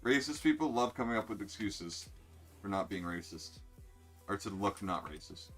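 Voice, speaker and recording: Faint music plays behind a young man streaming a racing game, his fairly low voice expressive and moderately paced. He chats casually and bluntly with viewers, sarcastic and swearing freely.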